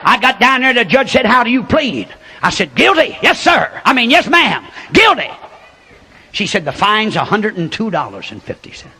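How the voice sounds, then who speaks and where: An older man preaching a sermon as a folksy storyteller, building to shouts. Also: sits high, very animated, moderate pace, breathy edge.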